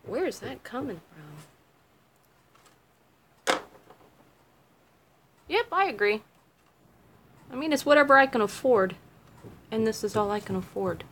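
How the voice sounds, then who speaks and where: A woman's voice: on the high side, lively intonation, a little slow, long pauses, a bit bright. Chatty woman crafting at home, noisy room. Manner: chatty, laughs easily, talks to viewers by name. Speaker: jewelry maker answering viewer questions. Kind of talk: casual livestream chat while crafting. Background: dog barking.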